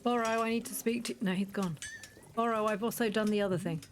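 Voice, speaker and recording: A woman's voice: medium pitch, steady tone, brisk, slight background noise. A woman streamer giving casual gameplay commentary, chatty and joking, laughing often.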